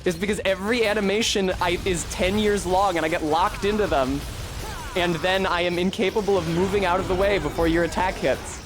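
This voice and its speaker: A man with a high, steady voice talks briskly through a boss fight as casual gameplay commentary. He swears often and grumbles at the game in frustrated outbursts, with game music playing behind him.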